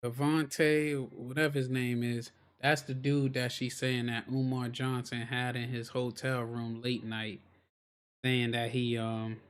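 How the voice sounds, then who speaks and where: A man's voice: medium pitch, flat delivery, unhurried, smooth. A man hosting a reaction video, giving blunt, profane, casual commentary.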